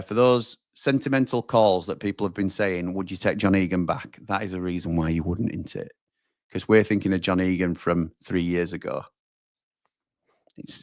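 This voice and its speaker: A man's voice: fairly low pitch, dry recording, studio quality. A man hosting a live football watch-along, reacting to the match and reading viewer comments while calling them pal and mate. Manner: chatty, reacts loudly to chances, addresses viewers as pal and mate.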